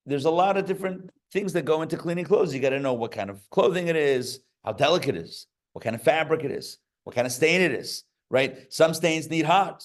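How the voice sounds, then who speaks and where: A man, a rabbi, teaching a live class in a casual, chatty way, with joking asides and frequent fillers and restarts. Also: medium pitch. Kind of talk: casual Torah class with stories. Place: live class before an audience.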